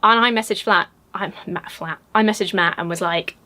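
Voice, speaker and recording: An English woman talks straight to her viewers in a loose, chatty vlog. She gushes with excitement, her voice jumps up high, and she piles on fillers and restarts as she goes. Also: normal speed. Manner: gushing and excitable, with many fillers. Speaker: YouTuber. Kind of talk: casual chat.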